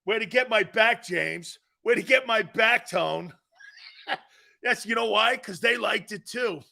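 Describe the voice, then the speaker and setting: A man's voice: high voice, unhurried, creaky, pushed and bright. A man hosting a live sports talk show, teasing and joking with his chat and laughing often.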